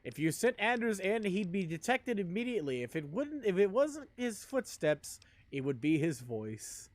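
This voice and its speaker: A man chats casually while streaming a game, joking and rambling between actions. His voice sits a bit high and leaps around in pitch. It sounds close and dry. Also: very animated, normal speed, dry recording. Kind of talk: casual live-stream chat while gaming.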